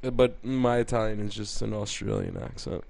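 A man's voice: lowish voice, moderate pace, gravelly, darkish tone, a little hiss or hum. Young man rambling on a podcast. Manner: rambling, laughs often, crude joking. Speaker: podcast co-host. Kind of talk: casual chat.

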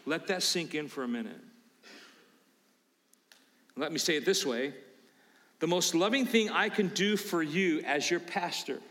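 A man preaching a sermon as pastor, emphatic, swinging from low asides to loud preaching. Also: big-room sound.

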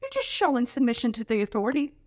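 A woman delivering a sermon at a women's church conference, her voice sitting a little high. She mixes firm exhortation with jokes and frequent laughter, leaping up into shrill mocking tones when she imitates others. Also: quick pace, no echo, clean studio sound. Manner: humorous, animated, laughs often. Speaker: conference speaker.

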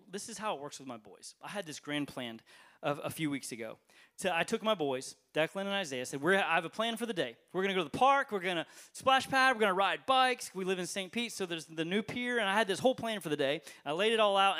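A man pastor preaching a sermon to a church congregation, conversational, asking rhetorical questions, swinging between loud emphatic lines and quiet ones. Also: high voice, animated, fast. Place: church service, streamed online.

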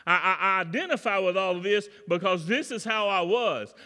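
A man preaches in a high, ringing voice with a bright edge. His folksy sermon swings from hushed, praying tones up to full shouting. The sound hangs in the long reverb of a church hall. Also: moderate pace, few pauses. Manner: builds from quiet prayer to shouted preaching. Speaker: pastor. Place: church sanctuary.

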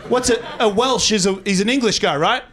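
A man's voice: sits high, brisk, fairly bright tone. A man with an Australian accent doing profane, rambling stand-up comedy and bantering with the audience. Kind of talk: stand-up comedy with crowd work. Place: comedy club stage before a live audience. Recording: live audience laughter throughout.

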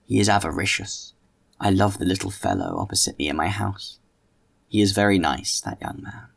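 A man voicing a fickle, passionate, gossipy young woman in an audiobook, speaking slowly and drawing out his words. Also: low voice, very animated, gravelly, heavily acted. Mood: gossiping. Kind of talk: audiobook character reading.

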